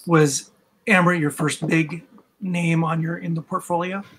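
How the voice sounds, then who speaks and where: A man's voice: fairly high pitch, fairly even intonation, normal speed, fairly bright tone, a little hiss or hum. A man co-hosting a live tasting show, asking the guest many curious follow-up questions. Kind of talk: casual chat.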